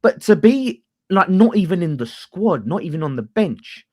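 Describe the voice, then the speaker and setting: A man's voice: high voice, moderate pace. A man, hosting a fan channel and arguing about football in a casual, sweary debate. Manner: animated, swears freely, talks over others.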